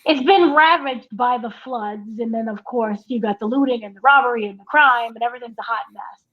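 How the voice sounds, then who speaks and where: Fairly high-pitched and fairly quick, a woman who works as an entertainment editor co-hosts an easygoing TV review conversation. She chats naturally and acts out lines from the show, captured in dull lo-fi sound.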